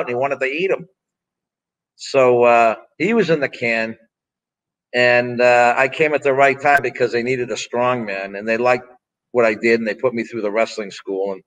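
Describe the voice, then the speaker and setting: A man's voice: medium pitch, low-quality recording. Male guest in his 60s, ex-strongman, blunt and profane, rambling storyteller. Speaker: interview guest, former strongman and pro wrestler. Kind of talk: casual storytelling interview.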